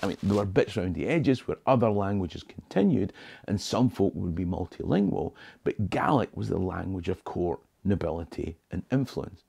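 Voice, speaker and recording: Scottish guy in his 60s, deep gravelly voice, bouncy lively delivery, dry jokes. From Scotland. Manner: wry, joking storyteller sprinkling in Scots words. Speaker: history tour guide and channel host. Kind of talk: talking-head history video. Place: small home office.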